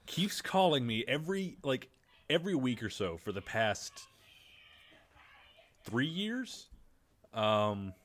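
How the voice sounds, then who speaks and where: A man's voice: on the low side, a bit bright. A man co-hosting a casual podcast, making wry, joking complaints. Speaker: podcast co-host. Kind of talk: casual chat.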